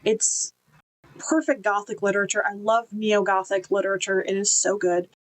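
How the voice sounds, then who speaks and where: A woman's voice: medium pitch, steady tone, normal speed, rough recording. A woman giving an enthusiastic, chatty book review, with casual fillers and restarts.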